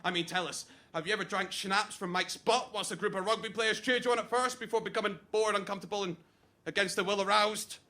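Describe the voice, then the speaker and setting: A man's voice: high voice, fairly even intonation, fast talker, pushed and bright. A jealous, crude best man. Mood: taunting. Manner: crude, mocking, jealous rant. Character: jealous, crude young male best man giving a wedding toast. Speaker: best man giving a wedding speech. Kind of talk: comic stage monologue.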